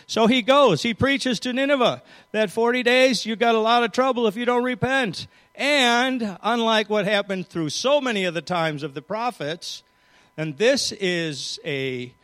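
A man's voice: sits high, expressive, normal speed, fairly bright tone, in a large hall. A man preaching a sermon, retelling a scripture story and reading its verses aloud with changing emphasis.

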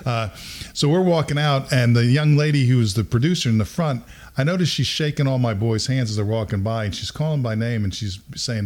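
A middle-aged man hosts a podcast and tells a long, funny story in a casual way. He breaks into laughter and acts out what people said. His voice sits at an average pitch. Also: a little fast. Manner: animated, acts out quotes with laughter. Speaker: podcast host.

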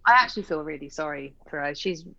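A woman's voice: deep voice, fast talker, vocal fry, no room sound. Woman telling stories on a muffled call. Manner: animated storyteller, acts out quoted lines. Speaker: guest. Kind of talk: casual chat. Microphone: video call.

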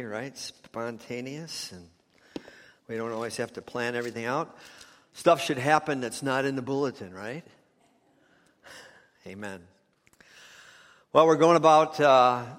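A man preaching a sermon as pastor, emphatic and rising to loud peaks. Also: mid-range voice. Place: church sanctuary. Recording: long church reverb.

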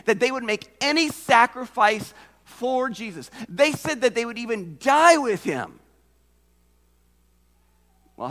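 A man delivers a sermon in an unusually high, bright voice. He speaks slowly, leaning on rhetorical questions and repeated lines for emphasis. His words hang in the long reverb of a church sanctuary. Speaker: pastor.

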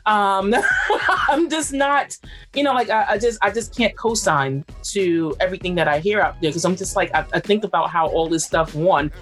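A woman's voice: mid-range voice, normal speed, soft background music. A woman from Brooklyn hosting a podcast, talking frankly and rambling in casual conversation, often laughing. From Brooklyn, New York. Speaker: podcast host.

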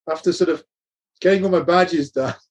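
A man's voice: sits high, moderate pace, slightly rough. An older man, a former rugby coach, telling anecdotes in a casual interview, laughing often and restarting his sentences.

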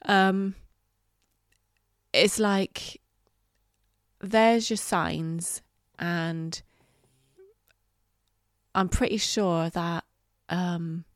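A middle-aged woman hosting a solo podcast, talking candidly and reflectively, halting with fillers and the odd swear word. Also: fairly low pitch, steady tone, no echo, clean studio sound. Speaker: podcast host. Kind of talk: casual solo podcast monologue.

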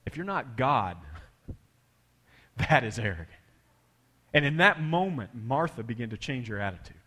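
A man preaching a sermon with big swings in loudness and pitch, dropping to a hush for quoted words. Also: big pitch swings, unhurried, husky, big-room sound. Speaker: pastor.

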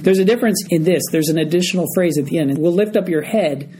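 A man's voice: a little high, fast talker, dark tone, poor audio. A man teaching a group Bible study, explaining a passage verse by verse and often checking in with his listeners.

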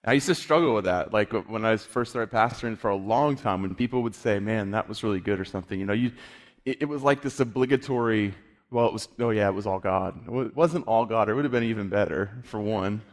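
A man preaching a conversational sermon as pastor, with frequent halting restarts, moving into prayer. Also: on the low side, big-room sound.

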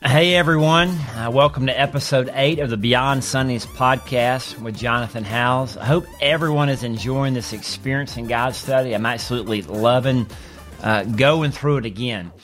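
A man, a pastor, teaching a Bible study on a podcast and reading scripture in an earnest, steady way. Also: mid-range voice, normal speed, faint music behind.

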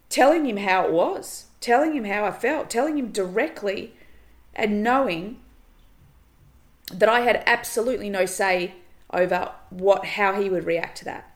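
A woman coach talking on her own podcast, earnest and emphatic, repeating her phrases and swearing casually. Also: mid-range voice. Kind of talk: solo motivational podcast monologue.

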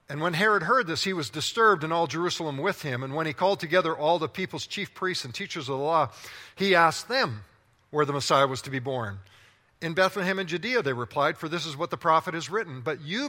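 A man preaching a sermon in a large church, playful and animated, talking straight to the congregation. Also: a little high, big-room sound. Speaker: pastor.

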